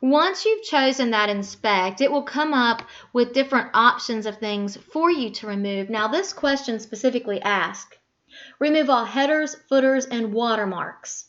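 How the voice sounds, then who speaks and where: Woman instructor, slightly high voice, patient step-by-step software walkthrough, dull lo-fi capture. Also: expressive, normal speed. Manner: patient, talks through each click, self-correcting aloud. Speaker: teacher. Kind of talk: screen-recorded software tutorial.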